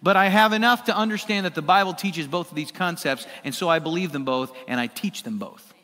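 A man preaching from the pulpit with a bright, high voice, talking to his congregation and putting questions to them. His words ring out with the long reverb of a church hall. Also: brisk. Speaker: pastor. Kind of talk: sermon. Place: church sanctuary.

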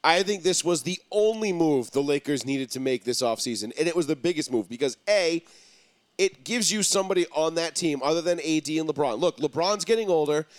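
A man's voice: fairly high pitch, animated, no echo. Emphatic sports-talk host man, dry sound. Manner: emphatic, argumentative, drawn-out pauses. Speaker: podcast host.

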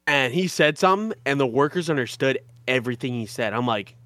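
A man's voice: mid-range voice, animated, brisk, sharp tone, no echo. A young man with a Michigan accent, heard in a dry, close recording. He co-hosts a casual podcast chat, rambling through stories with frequent laughter in a mid-range voice. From Michigan, USA. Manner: rambling, laughs often while telling stories. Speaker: podcast co-host.

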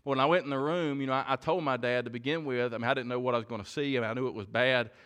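A man preaches a sermon in church, his voice sitting at an ordinary middle pitch. He is earnest and heartfelt, often circling back and repeating words as he works toward his point. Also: fairly even intonation, rapid-fire, fairly bright tone.

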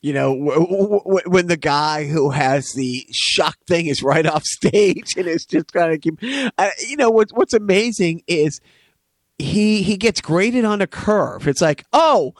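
A man's voice: a little high, lively intonation, a little slow, no room sound, studio quality. A man co-hosting a podcast in casual chat, rambling, repeating words and laughing often. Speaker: podcast co-host.

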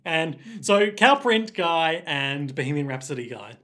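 A man's voice: on the high side, animated, a little slow, a bit bright. A man hosting a podcast, chatting casually and reading facts aloud with lots of fillers. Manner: rambling, reads facts aloud with many fillers. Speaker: podcast host. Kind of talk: casual chat recapping a story.

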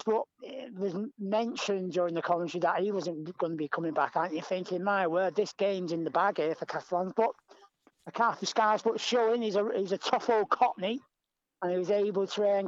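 A man's voice: sits high, fairly quick, no echo. A man co-hosting a sports podcast, giving strong opinions in a casual chat. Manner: opinionated, animated about the game. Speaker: podcast co-host. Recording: dull lo-fi remote audio.

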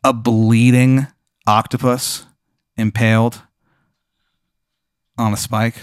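A man's voice: mid-range voice, little pitch movement, takes it slowly, clean tone, no room sound, studio quality. A man hosting, improvising a comic second-person story with a rambling, filler-heavy delivery. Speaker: host.

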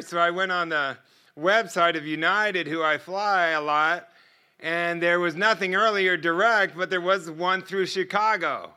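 A middle-aged man telling stories as a guest speaker in a sermon, animated and often laughing between lines. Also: sits high, smooth. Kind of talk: sermon storytelling.

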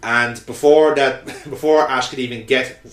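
A man co-hosting a casual recap podcast, chatty and quick to laugh, breaking into little character impressions. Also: medium pitch, steady tone, roomy sound. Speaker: podcast co-host recapping a cartoon. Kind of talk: casual chat.

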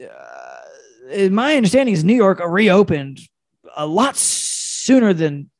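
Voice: mid-range voice, huge pitch swings, takes it slowly, creaky, dry recording. A podcast co-host reading an ad aloud and joking, laughing often. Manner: giggly, wry, frequent laughs.

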